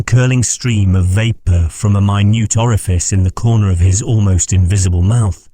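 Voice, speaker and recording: A man reading a classic novel aloud as an audiobook narrator, measured and steady. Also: fairly low pitch, slightly rough, no echo. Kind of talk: scripted narration.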